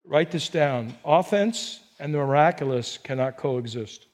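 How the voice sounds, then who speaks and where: A man preaching a sermon as pastor, animated, acting out people in quotes and rising to near-shouts. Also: a little high, unhurried.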